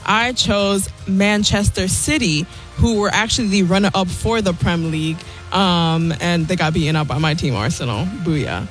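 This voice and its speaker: A woman's voice: lowish voice, moderate pace, few pauses, faint music behind. A woman on a sports radio show, chatting casually and playfully with a giggly manner. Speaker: show team member giving soccer picks.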